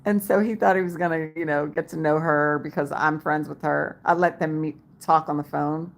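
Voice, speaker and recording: A woman's voice: lowish voice, moderate pace, gravelly. A woman hosting a casual livestream from her home, chatting and laughing with viewers and reading their comments aloud by name. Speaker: livestream host. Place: home in Las Vegas.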